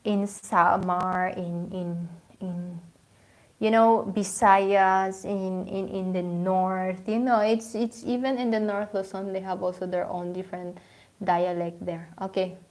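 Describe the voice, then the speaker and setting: A woman's voice: mid-range voice, little pitch movement, slow, darkish tone. Chatty Filipino-accented woman. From Philippines. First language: Filipino language. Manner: chatty, many fillers and restarts, lots of "you know". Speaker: livestream host. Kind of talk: casual livestream chat.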